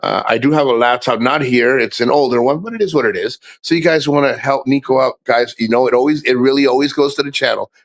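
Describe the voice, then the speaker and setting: A man's voice: mid-range voice, no room sound. A man hosting a livestream, rambling in casual chat, swearing often and restarting his sentences. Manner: rambling, profane, halting restarts. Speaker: livestream host.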